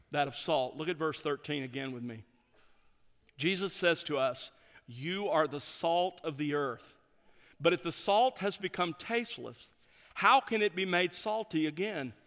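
A man preaching a sermon, measured and emphatic, slowing down to stress key phrases. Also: sits high, fairly bright tone, big-room sound. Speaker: pastor.

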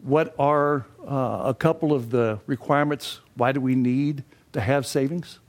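Older man, folksy classroom instructor, mid-pitched voice, asks the room questions. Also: fairly even intonation, measured pace. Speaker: financial education instructor. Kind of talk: classroom lecture.

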